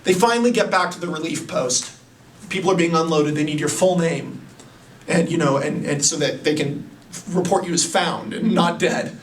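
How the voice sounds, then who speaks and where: An excitable man pitching a story, chatty and prone to laughing at his own ideas. His voice is high for a man. It sounds roomy and set back from the mic. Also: normal speed, distant mic, a little hiss or hum.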